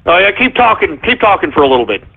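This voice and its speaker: A man hosting a shock-jock call-in radio show, talking in a loud, mocking, rambling way. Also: sits high, sing-song, fast, gravelly, breathy edge. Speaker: radio talk show host. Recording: lo-fi phone-like radio sound.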